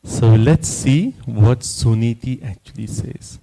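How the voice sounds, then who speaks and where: A man giving a scripture class at a temple, telling the story in an animated way and often checking in with "you know" and "right?". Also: mid-range voice, slow pace, vocal fry, poor audio.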